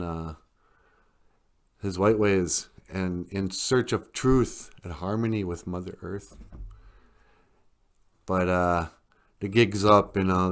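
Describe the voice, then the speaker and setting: A man hosting a podcast, casually retelling a story in a rambling, chuckling way. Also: low voice. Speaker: podcast host.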